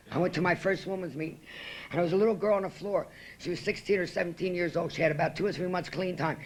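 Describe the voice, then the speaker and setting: A woman speaking at a podium in a meeting room, telling her recovery story in a blunt, profane and emotional way. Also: on the low side. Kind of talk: personal recovery talk at a meeting.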